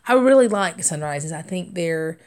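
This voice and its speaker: A woman's voice: on the low side, animated, normal speed, darkish tone. A young adult woman hosting a craft livestream, chatting casually and rambling through stories with frequent laughter and fillers. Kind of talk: casual storytelling chat while stitching.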